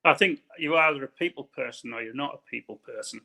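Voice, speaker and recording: A man's voice: medium pitch, fast, vocal fry, bright, forceful tone. A man from northern England with a northern English accent, chatting casually as an interview guest and rambling with repeated words.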